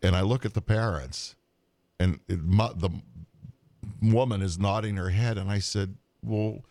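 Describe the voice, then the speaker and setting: A man in a casual podcast chat, telling a long story in an animated way, with restarts and trailing asides. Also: low-pitched, normal speed, dry recording.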